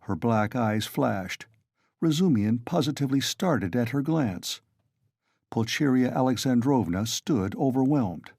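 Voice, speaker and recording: A man narrating a classic novel in a measured, expressive audiobook reading. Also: medium pitch, slightly rough, no room sound, studio quality. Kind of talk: scripted narration.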